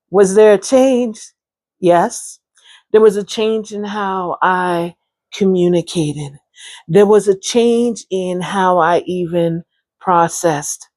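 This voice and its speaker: A woman talking casually about her own life, chatty and expressive, laughing often and speaking straight to her listeners. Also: mid-range voice, takes it slowly, no echo. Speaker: vlogger sharing her brain injury recovery. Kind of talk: casual personal storytelling to camera.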